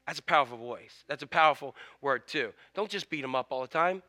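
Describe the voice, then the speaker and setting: Bright, high-voiced man preaching. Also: brisk. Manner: animated storytelling, acts out scenes. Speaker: pastor. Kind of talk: sermon.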